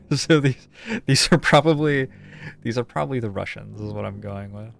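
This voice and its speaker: A man's voice: mid-range voice, moderate pace, vocal fry, a bit bright, slight background noise. A man streaming a puzzle game, thinking aloud in casual, musing commentary. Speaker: gaming streamer. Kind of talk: casual let's-play commentary.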